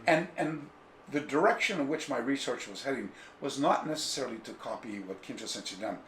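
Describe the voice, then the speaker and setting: Brisk and medium-pitched, the man is being interviewed as a karate author and rambles through a long story in a relaxed, highly animated way, imitating the people involved. He's at home, in a room that sounds echoey with a faint ambient background.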